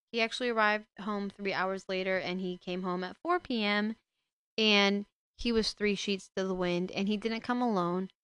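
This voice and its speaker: A woman's voice: mid-range voice, smooth, no room sound. Heated woman retelling a book. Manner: indignant, gets loud and heated when scolding the father. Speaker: book discussion host. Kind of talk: casual book retelling and commentary.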